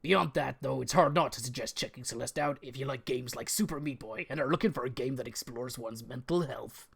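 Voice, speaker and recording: A man's voice: medium pitch, brisk, vocal fry, a bit bright, husky. A man reading a friend's comic game review script aloud in a put-on West Country accent. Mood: mock-grand. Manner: amused, stumbling over mild fake swears. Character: absent male co-host read aloud, mock American-turned-West Country.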